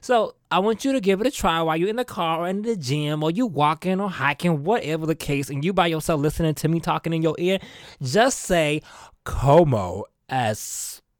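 A man's voice: a little high, brisk, no echo, studio quality. A man hosting his own podcast, chatting casually in a sassy, playful, diva-ish way and laughing often. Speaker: podcast host. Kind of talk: casual solo podcast chat.

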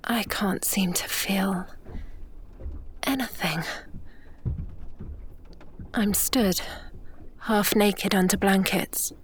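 A woman reading a first-person story aloud in a hushed, breathy half-whisper. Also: mid-range voice, steady tone, very slow, pauses often, slight background noise. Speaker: audiobook narrator. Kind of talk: first-person dramatic narration.

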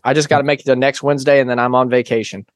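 A man's voice: mid-range voice, flat delivery, very fast, no room sound. A man chatting as a returning guest on a podcast, telling stories with dry, teasing humor. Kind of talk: casual podcast chat.

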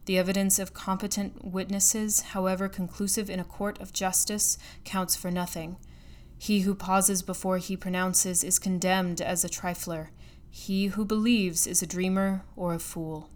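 A woman reading an audiobook, voicing a bitter old male recluse scientist who speaks quietly and gravely. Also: medium pitch, level tone, unhurried, lightly acted.

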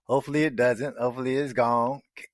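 A man co-hosting a casual sports podcast, laid-back and unhurried. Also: medium pitch, level tone, no room sound, studio quality. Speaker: podcast co-host.

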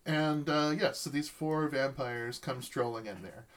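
A man runs a tabletop game as game master, describing characters and action. He talks haltingly with lots of fillers and restarts, at a middling pitch.

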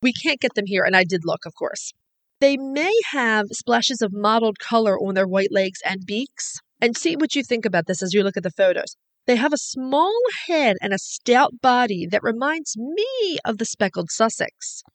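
A woman co-hosting a casual podcast, explaining what she found in her research in an even, informative way. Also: a little high, normal speed. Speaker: podcast co-host. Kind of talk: casual chat.

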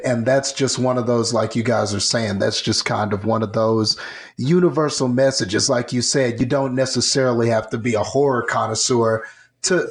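Gravelly-voiced male podcast host. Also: medium pitch. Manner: measured and appreciative, with frequent "you know". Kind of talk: casual interview chat.

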